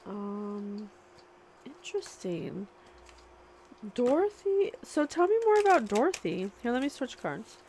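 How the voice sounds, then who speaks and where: Slow, musing woman psychic reader. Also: on the high side, sing-song, a little mellow, slight background noise. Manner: musing, questioning aloud to spirit. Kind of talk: channeling a spiritual reading.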